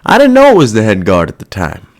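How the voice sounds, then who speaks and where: A man's voice: lowish voice, huge pitch swings, fast talker. A man hosting a casual solo podcast, venting in a profane, irritated rant that rambles and loses its thread. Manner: rambling, loses his train of thought. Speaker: podcast host. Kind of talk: casual monologue.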